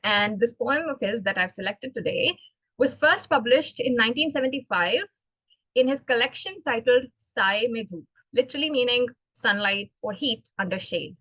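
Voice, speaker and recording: A woman giving a prepared club speech on poetry, earnest and expressive, talking in a measured way. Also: fairly high pitch, no room sound, low-quality recording. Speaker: club speaker.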